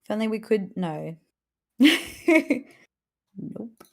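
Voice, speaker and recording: A woman's voice: medium pitch, sing-song, drawn-out words. Chatty woman streamer who laughs a lot. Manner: chatty, laughs often, greets chat viewers. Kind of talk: casual live-stream chat while gaming.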